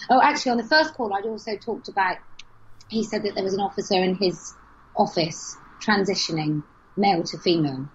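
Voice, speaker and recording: A woman's voice: mid-range voice, a little fast, slight background noise. Frank woman telling a story. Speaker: interview guest. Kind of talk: casual conversation. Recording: dull lo-fi podcast audio.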